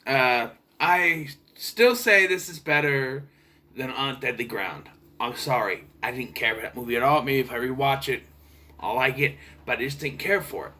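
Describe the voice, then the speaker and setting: A young adult man casually reviewing a movie, chatty and sarcastic, sometimes clearing his throat. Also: medium pitch, moderate pace, bright, forceful tone.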